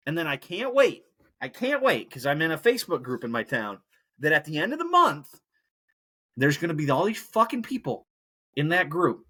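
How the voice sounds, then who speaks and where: A man's voice: mid-range voice, big pitch swings, normal speed, pushed and bright. A man hosting a solo podcast, rambling casually and breaking into profane rants. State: injured knee, hobbling. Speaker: podcast host.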